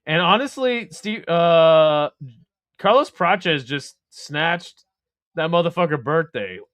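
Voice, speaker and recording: A man hosting a live fight commentary stream from home, excitable and profane, laughing often. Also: fairly high pitch, slow pace, no room sound. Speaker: host.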